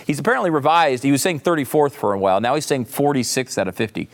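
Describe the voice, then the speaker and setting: A man's voice: mid-range voice, fast talker, few pauses. A middle-aged man hosting an opinion show, talking in a sarcastic, ranting way. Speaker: host.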